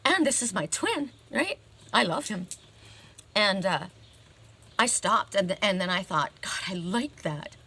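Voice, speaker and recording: A woman's voice: medium pitch, sing-song, measured pace, long pauses, pushed and bright, husky. A woman reading oracle cards, telling a personal story in a chatty, emphatic way and often checking in with "right?". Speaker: oracle card reader.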